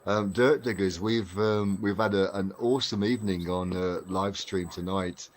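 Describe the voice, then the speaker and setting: Deep-voiced chatty English man. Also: steady tone, normal speed. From Derbyshire, England. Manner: chatty, laughs often, many fillers. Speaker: live stream host. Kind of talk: casual live stream chat.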